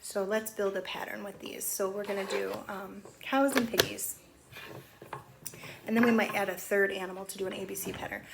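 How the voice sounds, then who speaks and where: A woman teacher giving a remote lesson to young children, counting slowly in a gentle, sing-song, encouraging way. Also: medium pitch, steady tone, gravelly, noisy background.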